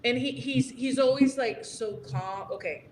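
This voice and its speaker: A woman's voice: fairly high pitch, unhurried, a crowd in the background. A woman guest chatting casually, enthusiastic and repeating herself. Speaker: guest, boxer. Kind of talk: casual video-call chat.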